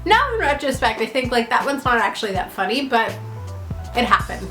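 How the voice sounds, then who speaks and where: A woman's voice: fairly high pitch, big pitch swings, a little fast, fairly bright tone. A young woman telling travel stories in a chatty, rambling way, full of fillers and laughter. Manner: chatty, rambling, heavy use of "like", laughs often. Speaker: vlogger and actor. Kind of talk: casual storytelling vlog. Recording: echoey room with faint music.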